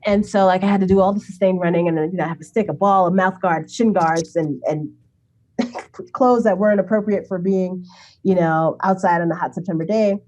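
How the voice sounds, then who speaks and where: A Brooklyn woman in her forties, speaking a little fast in a lowish voice, tells a story as an interview guest. She's chatty and animated, acting out remembered dialogue and laughing often in casual conversational storytelling.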